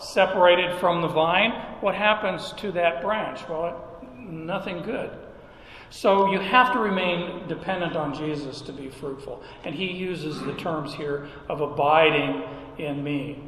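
A man's voice: fairly high pitch, slow pace, a bit bright. A male pastor preaching a sermon in a conversational, folksy way, with emphatic repeated questions. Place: church sanctuary. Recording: echoey hall with long reverb.

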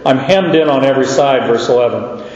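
A man preaching a verse-by-verse sermon as pastor, teaching slowly and haltingly, often repeating his words. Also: medium pitch, darkish tone. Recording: echoey hall, dull sound.

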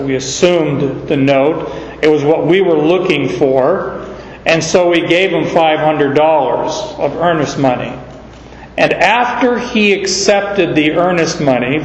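Male preacher, middle-aged, from Arizona; unhurried sermon delivery, muffled echoey hall sound. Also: a little high, a little hiss or hum. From Arizona, USA. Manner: unhurried storytelling with sudden emphatic rises. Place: large hall or church.

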